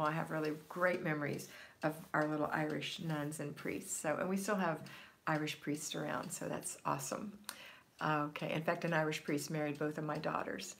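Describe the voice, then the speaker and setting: A woman's voice: low-pitched, vocal fry, a little hiss or hum. A woman in her sixties hosting a live stream, chatting casually and reading out viewers' comments. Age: 60s. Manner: chatty, friendly, reads viewer comments aloud. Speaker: livestream host.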